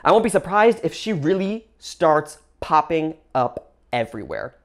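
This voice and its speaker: A woman hosting her own channel, giving an upbeat solo movie review with lively swings in her voice. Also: a little slow. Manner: gushing and upbeat, with big pitch swings between phrases. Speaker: film reviewer and channel host.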